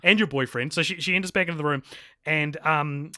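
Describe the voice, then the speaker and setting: A man's voice: fairly high pitch, fairly quick, no room sound, studio quality. A man co-hosting a podcast, rambling through a casual film review with frequent laughs. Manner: animated, rambling, laughs often. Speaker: podcast co-host.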